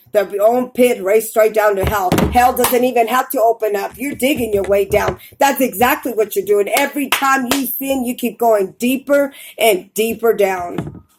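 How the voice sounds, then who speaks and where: A woman's voice: medium pitch, a little mellow, slight background noise, rough recording. A woman preaching fervently from a Bible reading, urging her listeners with repeated warnings. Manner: fervent, urgent, repetitive warnings.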